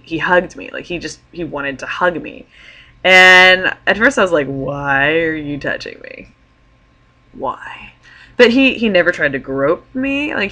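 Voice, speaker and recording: A young woman talks straight to her camera in a loose, chatty vlog. Her voice sits low yet has a bright, sharp edge. She tells the story with lots of "like" fillers. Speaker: vlogger.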